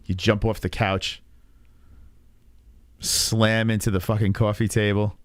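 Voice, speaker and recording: A man's voice: on the low side, little pitch movement, a little slow, clear, resonant tone, dry recording. A man in his thirties hosting a casual reaction stream, rambling with profane sarcasm. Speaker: podcast host.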